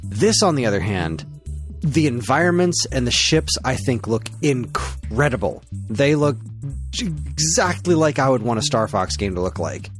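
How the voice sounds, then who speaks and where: A man co-hosting a loose gaming podcast, his voice rising and falling expressively as he gives strong opinions. He talks casually and swears without a second thought, and faint music sits low in the background. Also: big pitch swings, unhurried. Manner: enthusiastic and opinionated, swears freely. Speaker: podcast co-host.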